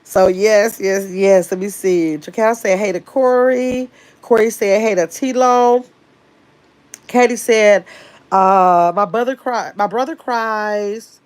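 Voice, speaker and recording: A woman's voice: mid-range voice, lively intonation, takes it slowly. A woman hosting a casual livestream from her bed at home, reading out viewer comments and greeting people by name in a loose, chatty way. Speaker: livestream host.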